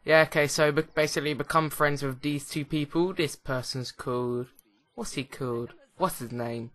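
A man's voice: fairly high pitch, fairly even intonation, normal speed, a bit bright. A young man giving casual, rambling, jokey commentary while playing a video game. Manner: rambling, jokey, with many restarts. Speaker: let's play host.

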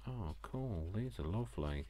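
A man's voice: on the low side, animated, normal speed, warm tone, a little hiss or hum. A man chatting casually as he unboxes craft gifts, gushing, gasping and talking to himself. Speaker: craft vlogger.

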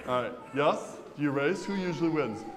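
High-voiced priest preaching in a reverberant church. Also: male voice, normal speed, heavy background noise. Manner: lively, asks the congregation questions. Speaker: pastor. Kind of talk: sermon. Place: large church. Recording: long church reverb, faint ambience.

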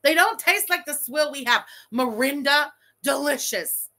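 Her voice sits high with a sharp tone, and she talks a little slowly. As a commentary stream host, she reacts to a livestream with foul-mouthed sarcasm and bluntness.

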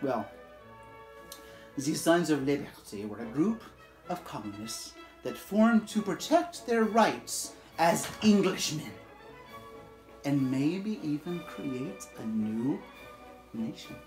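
A woman playing a quirky male history professor who tells the story in halting, broken grammar. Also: low voice, sing-song, darkish tone, roomy sound, faint music behind, exaggerated voice. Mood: animated.

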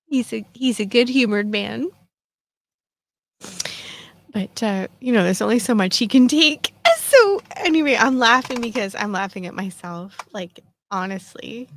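A woman's voice: mid-range voice, no room sound. Chatty self-mocking woman in her fifties. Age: 50s. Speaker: podcast host. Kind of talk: casual solo chat.

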